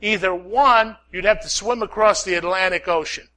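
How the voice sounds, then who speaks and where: A man preaching a sermon, swinging from loud calls to hushed prayer, repeating lines and asking "Amen?". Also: high voice, normal speed.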